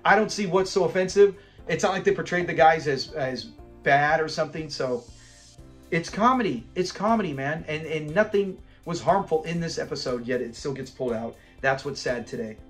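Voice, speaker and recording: A man with a slightly higher-pitched voice hosts a fan channel and talks through an old sitcom episode in a loose, chatty way. He retells the scenes with plenty of energy, acting out bits of dialogue and laughing along, while soft music plays faintly in the background. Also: animated, normal speed. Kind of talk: casual episode recap commentary.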